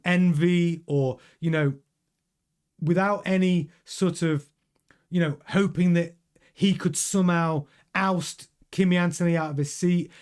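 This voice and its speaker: A man's voice: on the high side, darkish tone. A man hosting a casual news commentary show, chatty and rambling with many restarts and fillers.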